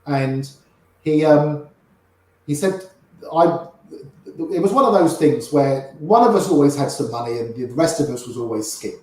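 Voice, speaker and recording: Echoey older man spinning poker stories. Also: fairly high pitch. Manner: animated raconteur, quotes people in quick little voices. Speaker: poker player guest. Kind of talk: anecdotal storytelling. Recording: very echoey room.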